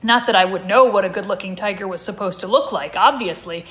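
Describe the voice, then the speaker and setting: An uneasy grown man who hedges and backpedals whenever things get awkward, as a woman reads him at a live comic show. His pitch sits mid-range for a woman. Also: fast, a bit bright, close to an everyday voice.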